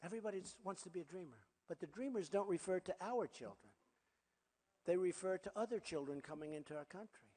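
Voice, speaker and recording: A man's voice: high voice, fast talker, darkish tone. A man in his sixties giving a campaign rally speech, boastful and repetitive, with conversational asides to the crowd. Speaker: political candidate. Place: large rally hall. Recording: long hall reverb at a rally.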